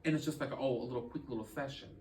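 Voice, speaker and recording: A man's voice: medium pitch, darkish tone, roomy sound, recorded from a distance, a little hiss or hum, poor audio. Earnest man telling a painful story. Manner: earnest, halting, with repeated restarts. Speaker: podcast guest. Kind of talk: emotional personal storytelling.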